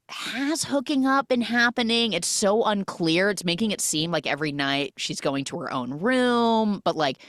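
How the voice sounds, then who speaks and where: Chatty podcast recapper, woman, low but very animated, lots of fillers. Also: dry recording, clean studio sound. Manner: chatty, filler-heavy storytelling that acts out the lines. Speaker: podcast host recapping a film. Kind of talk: casual film recap.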